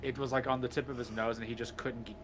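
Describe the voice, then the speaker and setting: A man chatting casually as a player at a tabletop game, pausing often with fillers. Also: medium pitch, little pitch movement, a bit bright, slight background noise. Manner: halting, full of fillers.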